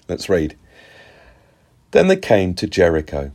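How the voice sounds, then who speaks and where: Lively low-voiced man preaching on scripture. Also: normal speed, pauses often. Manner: earnest and animated, with conversational asides. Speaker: pastor. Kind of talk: devotional Bible reading and teaching.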